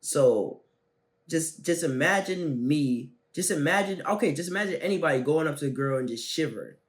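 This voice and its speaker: Here a young self-help video host shares a personal story at a moderate pace, his voice on the high side. The delivery is lively and slangy, jumping between loud moments and quiet side remarks.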